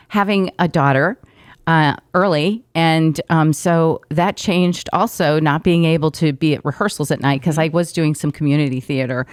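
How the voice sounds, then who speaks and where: A middle-aged woman, a radio personality, telling her story in a relaxed interview with trained, expressive delivery. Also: deep voice, dry recording, clean studio sound. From Brazil. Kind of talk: casual interview chat.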